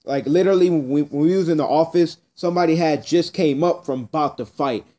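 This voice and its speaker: Blunt rambling teenage guy, mellow voice. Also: on the high side, brisk. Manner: blunt, rambling, repeats himself. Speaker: vlogger. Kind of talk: casual storytelling rant.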